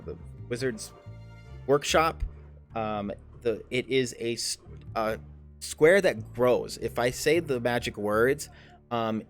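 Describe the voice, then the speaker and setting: A man with a mid-range voice narrates a tabletop game as its game master. He rambles, filling his speech with fillers and restarts.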